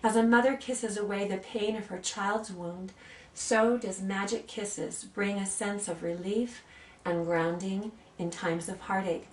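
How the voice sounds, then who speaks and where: A woman in her sixties, an aromatherapy practitioner, who gently demonstrates oils and tells personal stories in a soft, earnest way. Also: medium pitch, fairly even intonation, slight background noise. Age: 60s. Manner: soft, earnest, reads blessings slowly. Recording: roomy sound from a distant mic, faint ambience.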